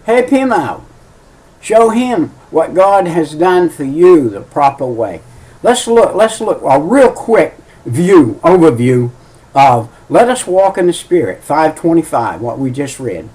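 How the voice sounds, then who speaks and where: A man's voice: on the high side, very animated, slow, darkish tone, rough recording. A middle-aged man preaching a sermon in a folksy, emphatic way, often repeating his key phrases.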